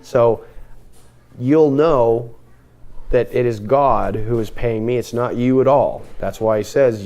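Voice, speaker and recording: A man leads a group Bible study in an animated, conversational way. His voice sits at an ordinary middle pitch. He tosses questions to the room and acts out the speakers in the text. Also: slow. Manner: animated, acts out the characters' lines.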